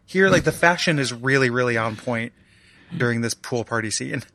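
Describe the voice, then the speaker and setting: A man's voice: medium pitch, normal speed, bright, forceful tone, no room sound. A man co-hosting a casual podcast, rambling with many restarts and laughing often. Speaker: podcast co-host. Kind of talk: casual chat.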